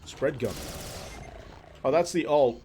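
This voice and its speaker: A man's voice: medium pitch, takes it slowly, dark tone, a little hiss or hum. A man streaming a game live, chatting playfully and exclaiming at the action. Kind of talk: live gameplay commentary.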